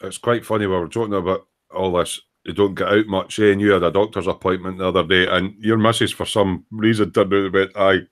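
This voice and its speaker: Scottish guy, deep-ish, teasing his mate dry and casual. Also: fairly even intonation, fast, hardly any pauses. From Scotland. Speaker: host of a live stream. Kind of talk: casual banter.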